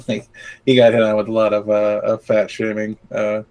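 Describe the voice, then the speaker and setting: A man's voice: on the low side, darkish tone. A man chatting casually on a podcast, rambling with lots of fillers, cracking crude jokes and laughing often. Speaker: podcast co-host. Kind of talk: casual chat.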